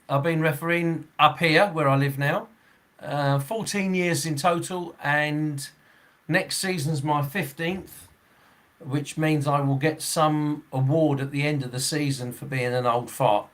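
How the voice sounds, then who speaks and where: A man's voice: a little high, a bit bright. Rambling, chuckling man in his sixties. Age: 60s. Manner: rambling, chuckling, with frequent fillers and restarts. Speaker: football referee and podcast host. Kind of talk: casual podcast chat.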